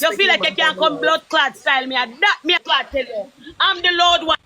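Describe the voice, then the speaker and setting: A woman's voice: high voice, brisk, sharp tone. A woman with a Jamaican accent on a live stream, ranting and cursing furiously in patois. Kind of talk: heated live stream argument.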